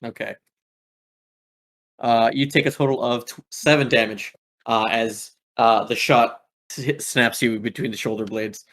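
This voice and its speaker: A man's voice: medium pitch, fairly even intonation, a little slow, a bit bright. A young man running a tabletop game as game master, rambling with many fillers and laughing at his own slips.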